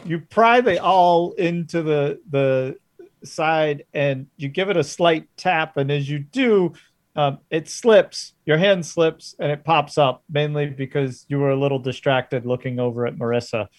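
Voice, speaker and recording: A man narrating as game master of a tabletop game, relaxed and halting. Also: a little high, dry recording, studio quality.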